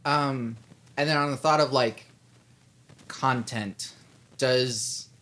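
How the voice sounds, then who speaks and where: A man's voice: mid-range voice, a bit bright. A man with an Oklahoma accent hosting a casual podcast, laughing often and hedging his questions. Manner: unhurried, laughs often, hedges with like. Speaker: podcast host.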